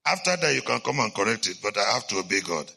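A man voicing his wife, a humble, hesitant woman asked to preach, speaking haltingly and softly. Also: lowish voice, sing-song, creaky, breathy edge, heavily acted. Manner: halting, self-deprecating, soft.

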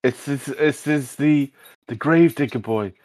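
A man's voice: medium pitch, a little slow, darkish tone, no echo. Guy game-mastering a tabletop game, chatty and rambly, dry close mic. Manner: casual, rambling with fillers and voiced figures.

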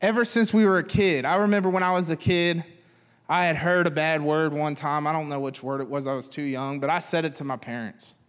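A man's voice: fairly high pitch, steady tone, fairly quick, fairly bright tone, long reverb tail. A man in his thirties preaching a sermon, talking casually and joking with the congregation. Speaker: pastor.

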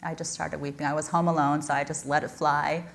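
A woman's voice: sits low, level tone, fairly quick, gravelly. A woman giving a personal, earnest sermon, reading scripture and telling her own story with touches of self-deprecating humor. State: blind.

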